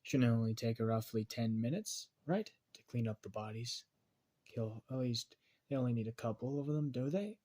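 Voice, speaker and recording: A man's voice: mid-range voice, moderate pace, dark tone, lightly acted. A man doing a gleeful taunting clown villain. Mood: commanding. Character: grinning, menacing male crime boss clown.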